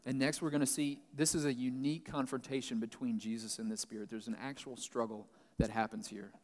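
A man's voice: medium pitch, flat delivery, brisk, a little mellow. A man pastor giving Bible teaching, reading a passage and then explaining it plainly. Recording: long reverb, large hall.

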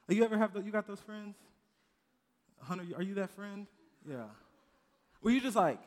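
A man delivers a relaxed, conversational sermon to a youth group, repeating and restarting words as he goes. He acts out quotes and asides in lively little voices. His voice carries a long hall reverb. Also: sits high, normal speed, pauses often. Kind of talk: casual sermon.

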